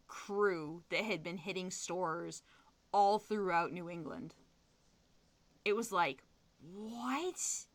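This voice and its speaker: A young woman streamer tells stories in a casual, chatty way, tossing in plenty of fillers and laughs. Her voice swings widely in pitch and has a bright, forward edge. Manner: animated storytelling with frequent laughs and fillers. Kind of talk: casual chat while gaming.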